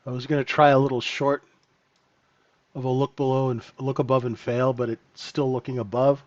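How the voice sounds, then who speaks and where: A man talks through the market live for his trading room, relaxed and unhurried, thinking aloud as he goes. His voice sits at an ordinary middle pitch. The audio is a little dull and lo-fi, like a home stream. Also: no room sound. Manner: casual, thinking aloud over the charts. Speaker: futures trading room host.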